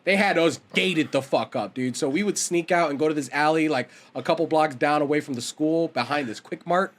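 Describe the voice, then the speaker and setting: A man's voice: fairly high pitch, brisk. A young man co-hosting a casual podcast, telling school stories with lots of swearing and acted-out quotes. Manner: animated, swears a lot, acts out quoted voices. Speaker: podcast co-host. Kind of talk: casual chat, storytelling.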